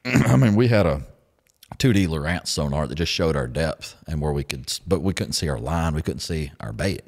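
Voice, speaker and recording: Deep-voiced man telling fishing stories. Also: normal speed, vocal fry. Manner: animated storyteller, laughs often, acts out quotes. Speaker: podcast host. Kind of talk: casual storytelling chat.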